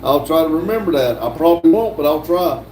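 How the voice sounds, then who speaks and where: A middle-aged man hosting a casual live stream, reading viewer comments aloud with many pauses and uhs. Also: a little high, animated, darkish tone, soft background music. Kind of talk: casual chat. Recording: echoey room, distant mic, faint noise.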